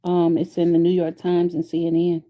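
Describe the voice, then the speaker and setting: Mellow, laid-back woman guest. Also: fairly low pitch, monotone, normal speed. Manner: laid-back, hesitant with fillers. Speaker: guest on stream. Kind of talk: casual chat.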